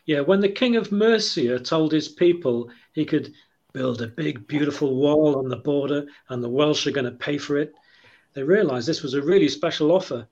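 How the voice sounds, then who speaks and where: A man on a comedy panel, telling a joke in a deadpan way. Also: on the high side, normal speed, muffled recording.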